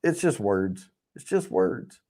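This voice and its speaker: A man's voice: fairly low pitch, big pitch swings, slow, warm tone. A man hosting a casual livestream, rambling and chatting with viewers in the chat, swearing freely as he talks. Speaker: livestream host.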